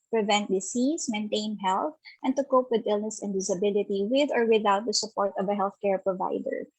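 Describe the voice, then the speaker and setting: A woman's voice: mid-range voice, slightly rough, no room sound, rough recording. A woman with a Filipino accent giving an interactive online webinar on self-care, reading out participants' typed answers and affirming them with frequent "okay" and "ayan".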